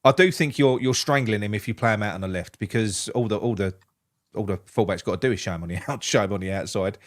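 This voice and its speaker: A man, co-hosting a casual football chat, excitable and sweary, with lots of stammered restarts. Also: lowish voice, quick pace. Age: 40s. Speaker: podcast co-host.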